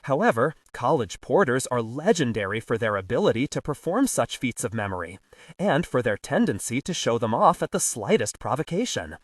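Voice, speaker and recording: A man narrates a comic novel with expressive, storytelling delivery. His pitch sits in the middle but moves a lot. The recording is dry, with the mic a little away from him. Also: fairly quick, no room sound, recorded from a distance. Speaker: audiobook narrator. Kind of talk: scripted narration.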